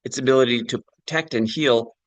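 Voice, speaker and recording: A man's voice: mid-range voice, a little fast, dry recording, low-quality recording. A middle-aged man giving a chatty sales presentation on a video call, full of fillers and "right?" tag questions.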